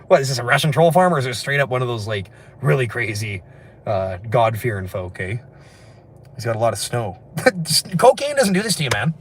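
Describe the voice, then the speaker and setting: A man from Canada chatting on a late-night livestream, reading viewer comments and rambling very fast between laughs. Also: medium pitch, a little hiss or hum. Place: indoors at night, after a street walk.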